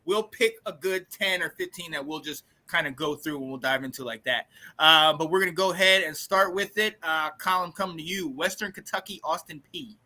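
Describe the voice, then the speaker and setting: A man hosting a casual sports podcast, hyped and slangy, with loud bursts of catchphrases. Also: a little high, brisk. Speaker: podcast host.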